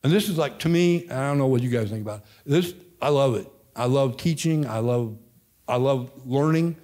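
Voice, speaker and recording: A man's voice: mid-range voice, fairly quick, dark tone. A man in his fifties, a Midwestern American pastor emeritus, teaching an informal Bible study to a church class in a folksy, rambling way, breaking off and restarting his sentences. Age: 50s. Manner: folksy, rambling, self-interrupting.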